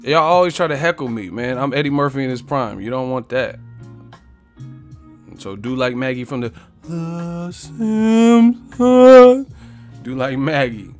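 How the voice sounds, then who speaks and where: A man's voice: mid-range voice, moderate pace, fairly bright tone, faint music behind. A man hosting a boxing live stream in a casual, profane, joking way, reading viewer comments aloud and trash-talking back at them.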